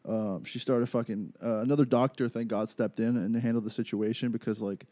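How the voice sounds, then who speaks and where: A man's voice: mid-range voice, steady tone, fairly quick, warm tone, no room sound. A young man hosting a podcast, telling a rambling story in casual, profane speech full of fillers. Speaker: podcast host.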